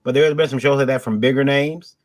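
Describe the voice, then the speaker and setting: Male guest on a remote call, mid pitch, halting and full of fillers. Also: fairly even intonation. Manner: hesitant, many fillers and restarts, laughs easily. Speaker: guest, fellow show host. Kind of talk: casual panel chat.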